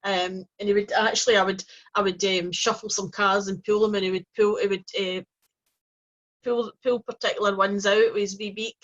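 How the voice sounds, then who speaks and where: A woman hosting her own channel, telling a personal story in a gentle, rambling way with many restarts. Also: medium pitch, fairly even intonation, normal speed. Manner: gentle, rambling, with frequent restarts and soft fillers. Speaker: host. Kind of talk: casual personal storytelling to camera. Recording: dull lo-fi recording.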